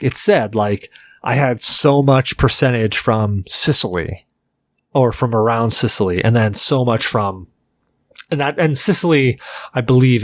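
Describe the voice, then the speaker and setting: In a casual podcast chat, a male co-host spins a rambling, animated anecdote, peppering it with "like." His voice is medium-pitched, recorded without echo.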